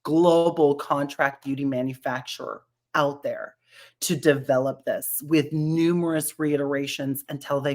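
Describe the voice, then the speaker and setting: This is a woman in a casual chat, talking about skincare with enthusiasm. Her voice sits a little low for a woman. She laughs often and restarts her sentences, full of fillers. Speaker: brand representative.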